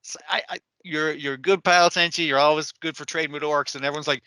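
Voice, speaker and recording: A man's voice: fairly high pitch, steady tone, quick pace, sharp tone, clean tone, dry recording. A man co-hosting an anime podcast in casual, profane chat, acting out characters' lines as he recaps. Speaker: podcast co-host.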